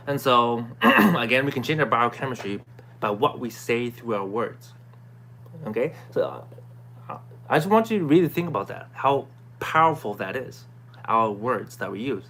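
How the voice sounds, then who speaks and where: A man's voice: medium pitch, very animated, normal speed, a bit bright, slight background noise. Casual man recapping, many "right?" checks. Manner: conversational, repeats "right?" and "okay?", frequent throat clearing. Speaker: vlogger recapping a self-help course. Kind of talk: casual talking-to-camera recap.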